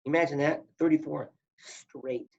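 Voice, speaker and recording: Speaking at a measured pace with a fairly high pitch and vocal fry, a male podcast guest recounts his wrestling days in a relaxed, chatty way. He's an animated storyteller who acts out the quotes, captured in dull lo-fi sound.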